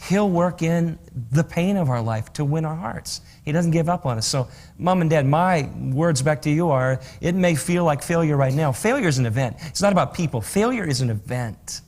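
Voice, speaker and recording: A man's voice: on the high side, normal speed, hardly any pauses, a little mellow. A man on a talk show giving earnest, encouraging advice to parents in a preachy way. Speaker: co-host, counselor.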